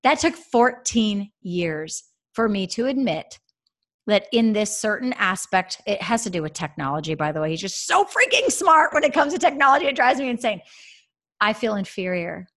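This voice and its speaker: A woman's voice: medium pitch, normal speed. A woman in her thirties co-hosting a podcast, chatting openly and acting out quoted dialogue as she tells a story. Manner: animated storyteller, acts out quotes. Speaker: podcast co-host. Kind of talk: casual podcast chat.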